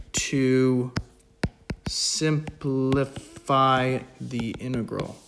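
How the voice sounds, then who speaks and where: A man talking through an economics math problem in a casual lesson, with joking, self-mocking asides between steps. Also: mid-range voice. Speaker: economics video tutor. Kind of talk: casual spoken math walkthrough.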